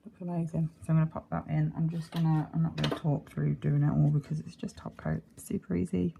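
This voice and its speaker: Hiccuping as she goes, a woman from the UK talks through a nail art tutorial in a chatty, apologetic way, rambling and breaking off to correct herself. She speaks fairly quickly with little pitch movement, in a low, mellow voice with vocal fry. There is a little hiss or hum.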